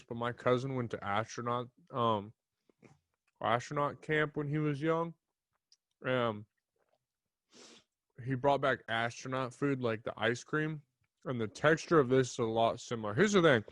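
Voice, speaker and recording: A young man rambling through a solo podcast segment in a relaxed, profane, offhand way. His voice sits at an ordinary middle pitch and sounds dry and close, with hardly any room around it. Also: dry recording. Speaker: podcast host. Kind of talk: casual solo podcast chat. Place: small home studio. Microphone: desk mic in front of a camera.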